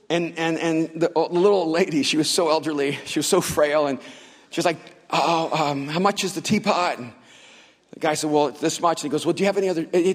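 A man preaching a sermon, telling stories with acted-out dialogue and building to loud, fervent passages. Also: fairly high pitch. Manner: storytelling with acted-out dialogue, rising to shouts. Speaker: pastor. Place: large church hall. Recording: long hall reverb.

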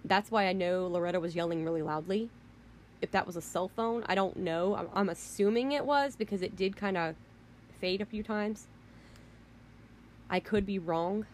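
A woman vlogger rants straight to camera, piling up restarts and repeated phrases as she presses her point. Her voice sits at an ordinary middle pitch for a woman. A faint noise runs under the talk. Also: moderate pace. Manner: emphatic, rambling, repeats herself. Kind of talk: ranting monologue.

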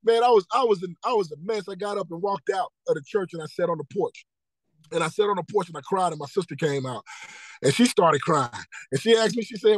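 A man's voice: high-pitched, a little fast, poor audio. A man, a podcast guest telling his life story earnestly, repeating key phrases and acting out the dialogue. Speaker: podcast guest, motivational speaker. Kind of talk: personal testimony in casual interview.

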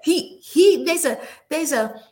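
A woman's voice: high-pitched, animated, slow, a little mellow. A woman hosting a faith talk show, reflective and affirming, sometimes dropping to a near whisper as she tells a story. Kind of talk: casual chat.

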